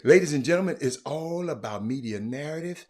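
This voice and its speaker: Man, live-stream host, high voice, swoops all over, teases chat by name. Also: fairly quick. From Texas. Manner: animated, teasing viewers by name, often shouting. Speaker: livestream host talking sports.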